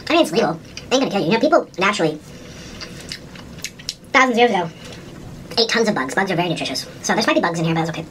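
A woman vlogger does a casual mukbang at home, chatting while she eats and often humming and saying "ooh" between bites. Her lowish, fairly bright voice is animated and very fast, with frequent pauses. The recording is low quality, with a little hiss or hum.

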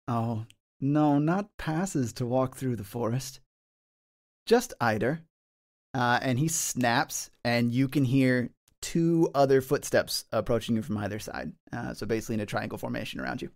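A man's voice: mid-range voice, moderate pace, vocal fry. A man running a tabletop game, narrating scenes descriptively with many fillers. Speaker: game master.

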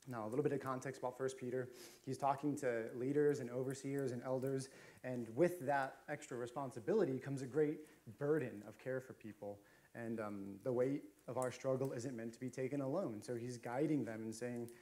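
Mellow-voiced man preaching casually. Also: mid-range voice, fairly even intonation, normal speed. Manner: conversational storytelling, many fillers and restarts. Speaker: pastor. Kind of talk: sermon. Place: church sanctuary.

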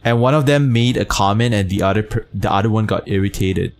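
Fairly low-pitched and a bit fast, a man streams a game and chats casually with his viewers. He reads chat, teases them, and peppers his commentary with fillers and swear words.

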